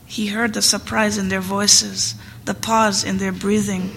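A woman narrating literary fiction in a steady, restrained audiobook reading. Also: mid-range voice, moderate pace, vocal fry, few pauses, breathy edge. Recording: reverberant room, faint background noise.

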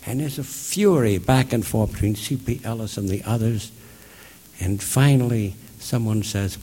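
Husky low-voiced male storyteller. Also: moderate pace, long reverb tail. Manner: animated retelling, slipping into the voices of the people in the story. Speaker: speaker retelling a story. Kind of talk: spoken storytelling talk.

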